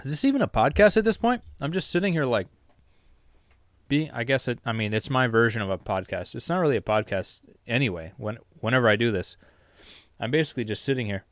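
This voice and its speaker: This solo podcast host and YouTuber talks from his home basement, wandering between topics, making fun of himself, and cursing freely. His mid-range voice is expressive and a little fast, with no room sound.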